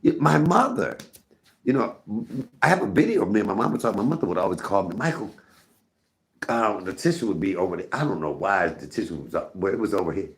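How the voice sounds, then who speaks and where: This middle-aged live streamer has a low-pitched voice and talks quickly and very animatedly. He tells candid, meandering stories to his audience and engages with the chat in casual storytelling.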